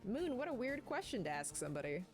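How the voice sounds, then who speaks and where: A woman's voice: mid-range voice, darkish tone. Chatty woman streaming a game. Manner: chatty and rambling, laughs often. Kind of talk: casual let's-play chat, reading chat aloud.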